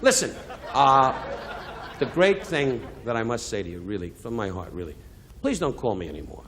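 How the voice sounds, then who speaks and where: A man's voice: fairly low pitch, big pitch swings, brisk, a little hiss or hum. Brash older man roasting a friend. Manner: brash, teasing insults mixed with sincere asides. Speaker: comedian at a benefit. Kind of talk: live insult comedy roast. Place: benefit event hall.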